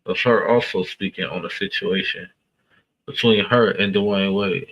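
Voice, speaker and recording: A man's voice: low-pitched, fairly even intonation, normal speed, creaky, a bit bright. A man hosting reaction commentary, emphatic and exasperated, often repeating himself. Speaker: commentary host. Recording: dull lo-fi audio.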